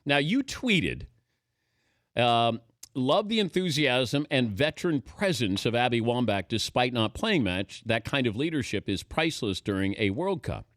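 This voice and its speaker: Lively sports radio host, joking questioner. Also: male voice, medium pitch, a little slow, no room sound, clean studio sound. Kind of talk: sports talk show interview.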